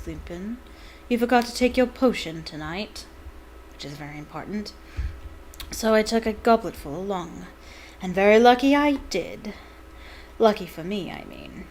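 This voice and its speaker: A woman reading aloud and voicing a cold, sneering male wizard professor who speaks in a silky, menacing, hissing way. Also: on the high side.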